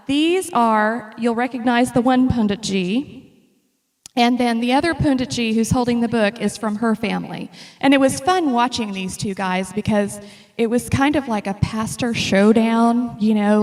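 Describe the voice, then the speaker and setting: A woman giving a casual, humorous talk about her travel slides to an audience. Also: mid-range voice. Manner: chatty and humorous, lively storytelling. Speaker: speaker presenting travel slides. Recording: long reverb of a hall.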